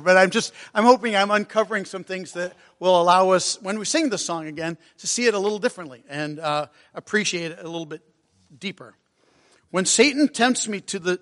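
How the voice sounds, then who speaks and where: A man preaching a sermon, earnest and emotional, reading hymn lines slowly. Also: sits high, a bit bright. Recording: long hall reverb.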